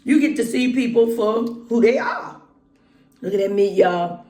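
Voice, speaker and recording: A woman's voice: fairly high pitch, expressive, mellow, a little hiss or hum. Folksy woman chatting while eating. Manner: chatty, folksy, talks between bites with pauses. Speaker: vlogger. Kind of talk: casual mukbang vlog, talking while eating. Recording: echoey room.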